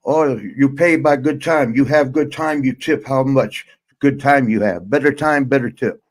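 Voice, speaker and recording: A male bar worker explains himself in short, clipped, broken English, as a storyteller quotes him. It comes out at close to the teller's own everyday pitch and pace. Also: moderate pace, close to an everyday voice. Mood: explaining. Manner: clipped, simple phrasing.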